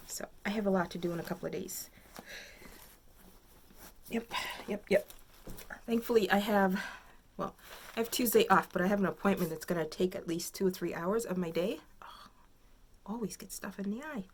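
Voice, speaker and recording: A woman's voice: lowish voice, a little mellow, slight background noise. A woman hosting a crafting video podcast from home, chatting casually and thinking aloud, rambling with many fillers. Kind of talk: casual chat.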